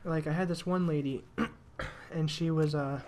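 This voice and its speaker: A man's voice: fairly high pitch, fairly even intonation, a little slow, a little mellow, slight background noise. A young man telling rambling work stories in casual commentary over a video game, with restarts and the odd swear. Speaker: gaming commentator.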